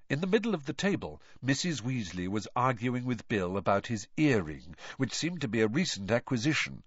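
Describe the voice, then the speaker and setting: Guy reading a storybook aloud, animated, average pitch, kinda muffled. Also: moderate pace, few pauses, dry recording. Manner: expressive storytelling. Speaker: audiobook narrator. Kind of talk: scripted narration.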